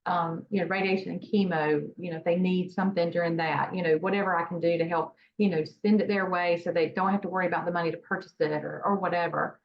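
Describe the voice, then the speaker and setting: Woman, interview guest, lowish voice, rambling with fillers, dull lo-fi call audio. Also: steady tone, fast, few pauses. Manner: rambling, many fillers and restarts. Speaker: interview guest, nonprofit founder. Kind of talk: casual interview talk. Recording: dull lo-fi sound with faint noise.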